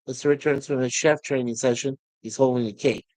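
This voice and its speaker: A man's voice: mid-range voice, steady tone, a little fast, darkish tone, no echo, rough recording. Man casually retelling a sitcom. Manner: rambling, with fillers.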